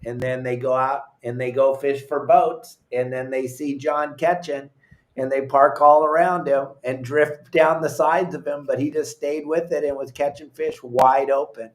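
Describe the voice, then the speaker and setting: A man's voice: medium pitch, steady tone, moderate pace. A man telling a fishing story in casual talk, eager and repeating his points. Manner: storytelling, enthusiastic, repeats himself.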